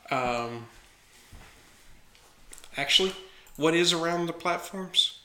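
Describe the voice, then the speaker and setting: A man playing in a tabletop game, joking around and asking quick questions in casual chat. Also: on the high side, sharp tone, roomy sound, a little hiss or hum. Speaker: player.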